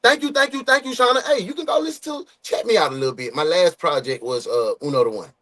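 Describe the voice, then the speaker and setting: A man hosting a casual livestream, talking in loose, playful slang and calling out viewers by name. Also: on the high side. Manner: animated, shouting out viewers by name; loose slangy street talk, quick and playful. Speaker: livestream host greeting viewers.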